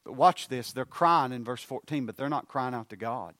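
A man preaching a sermon, moving from hushed storytelling to loud, fervent appeals. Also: mid-range voice, normal speed, no room sound.

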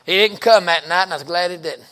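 Man, middle-aged pastor, storytelling sermon, folksy, emphatic, a little high-pitched. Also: fast. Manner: folksy, colloquial storytelling with bursts of loud emphasis.

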